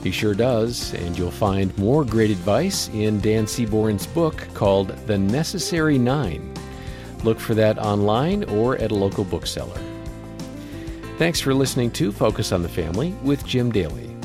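Lower-voiced radio announcer man, music behind. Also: lively intonation, unhurried.

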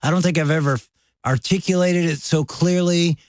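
A middle-aged man co-hosts a casual chat, easygoing and quick to laugh at himself. His voice sits a bit high for a man. The recording is dry and close. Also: steady tone, a little mellow, no echo. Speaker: co-host.

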